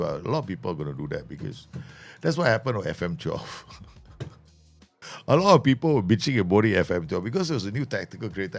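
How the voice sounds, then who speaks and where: A man's voice: low-pitched, big pitch swings, a little fast, gravelly, faint music behind. A man giving chatty, jokey live commentary as he streams a game.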